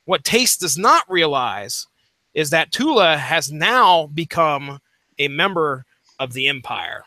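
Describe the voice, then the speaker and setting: A podcast host with a bright, forceful tone and a high voice that swings all over. He recaps the plot and then quizzes his co-hosts with animated questions. The sound is close and dry. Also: takes it slowly, dry recording. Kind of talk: casual podcast discussion.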